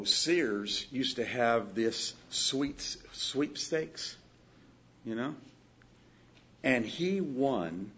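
A man preaching a sermon as a pastor, pleading with his listeners and swinging between loud exhortation and quiet storytelling. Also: medium pitch, slightly rough, dull audio.

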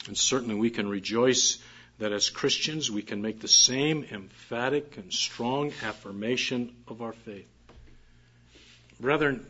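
A man's voice: mid-range voice, fairly bright tone, husky. A man preaching a morning sermon, reading scripture aloud and repeating key phrases with emphasis. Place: church service. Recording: muffled dull recording.

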